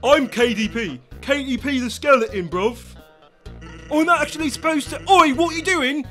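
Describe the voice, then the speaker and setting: A man's voice: very high voice, moderate pace, fairly bright tone, soft background music, pitched above the performer's own voice. A cheeky slangy skeleton bloke, as a man puts him on. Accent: London-style slang put-on. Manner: laid-back, cheeky, keeps saying bruv. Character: lazy joking skeleton man with British slang.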